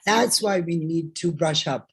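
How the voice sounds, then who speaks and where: A woman with an Indian English accent, an author and translator, speaking as an interview guest over a video call, emphatic and quick to laugh, repeating words for stress. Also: deep voice, breathy edge. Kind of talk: conversational interview.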